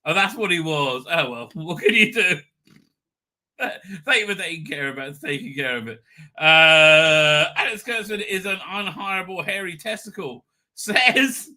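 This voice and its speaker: Middle-aged male stream host, slightly high and very sharp-toned, rambling and chatty, laughs easily while working through chat. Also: unhurried. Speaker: livestream host. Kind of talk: casual live chat, reading viewer comments.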